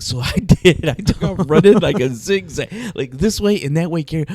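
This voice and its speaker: A man hosting a podcast, telling comic stories in an animated, jokey way, with big swings in pitch and loudness. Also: brisk, hardly any pauses. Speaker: podcast host. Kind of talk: casual comedic chat.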